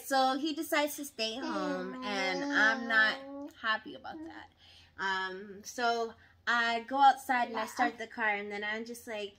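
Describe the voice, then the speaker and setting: A young woman tells a story to her viewers, lively and dramatic, slipping into voices for her own quotes. Her voice is bright and sits a little high. A faint room hum runs behind her. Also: a little slow. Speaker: vlogger telling a story. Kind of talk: casual storytime chat.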